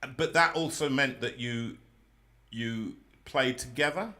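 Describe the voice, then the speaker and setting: A man's voice: medium pitch, a little slow, bright, forceful tone. A man hosting a live music stream, chatting casually with a guest and explaining things for viewers. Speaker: host.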